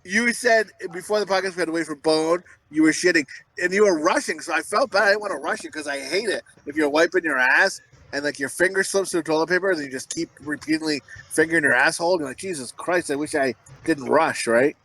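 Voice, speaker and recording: Man, casual podcast chat, raunchy teasing humor, bright high voice. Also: quick pace, low-quality recording. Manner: crude joking banter. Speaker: podcast co-host.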